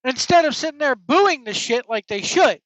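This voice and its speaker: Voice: sits high, animated, moderate pace, fairly bright tone, no echo. A wrestling podcast host on an angry, profane opinion rant, blunt and heated. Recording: dull lo-fi dry recording.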